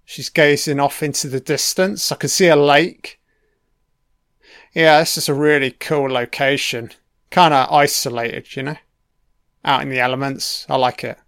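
A man's voice: medium pitch, steady tone, measured pace, a bit bright, clear, resonant tone, no room sound, studio quality. A man giving a casual, laid-back film commentary, swearing often and talking back to the characters on screen.

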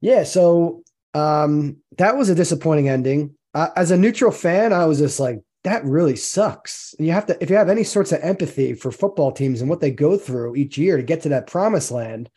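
A man's voice: on the high side, animated, fairly quick, warm tone. A man co-hosting a casual podcast, venting his disappointment in an easy conversational way. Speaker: podcast co-host. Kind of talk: casual sports chat.

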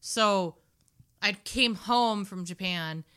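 Bright-voiced woman, animated podcast chat. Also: medium pitch, slow pace, smooth. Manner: animated storyteller, laughs often and mimics voices. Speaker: podcast co-host. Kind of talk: casual chat.

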